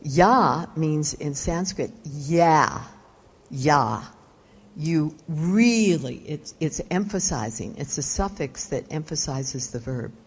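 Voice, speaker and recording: Low-voiced woman lecturing on yoga. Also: animated, slow, husky. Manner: explanatory, asks the audience questions. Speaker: yoga teacher giving a lecture. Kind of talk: live lecture to an audience. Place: retreat lecture room.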